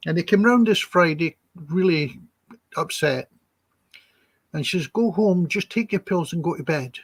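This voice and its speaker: Man, husky, fairly high voice, chatty anecdotal storyteller, acts out quotes, dry close sound. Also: animated, measured pace, no room sound. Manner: chatty, acts out quoted dialogue, chuckles between stories. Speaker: psychic healer guest.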